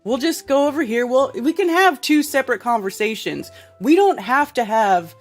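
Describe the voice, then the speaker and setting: A woman's voice: high-pitched, lively intonation, moderate pace, soft background music. Blunt, profane woman ranting on stream. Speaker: podcast host. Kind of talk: casual live-stream rant.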